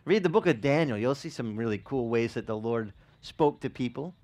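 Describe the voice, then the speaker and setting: Male pastor, mid-pitched, chatty animated sermon with audience questions and repeated restarts. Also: moderate pace. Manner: animated, asks the congregation questions. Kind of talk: conversational sermon.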